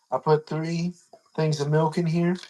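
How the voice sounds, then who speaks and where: A man's voice: a little high, mellow. A man hosting a casual chat, rambling, slangy, and repeating himself. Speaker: podcast host.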